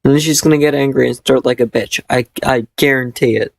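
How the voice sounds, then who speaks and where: A man's voice: medium pitch, steady tone, brisk, vocal fry, dry recording. A man reading a fan fiction aloud and mocking it with sarcastic, profane, exasperated asides. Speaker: reader and commentator.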